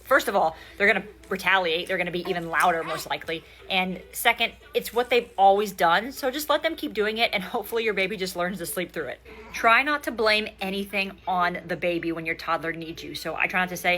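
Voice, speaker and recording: Fast-talking bright young mother. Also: on the low side. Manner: practical, direct, advice-giving. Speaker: parenting content creator. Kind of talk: casual parenting tips to camera.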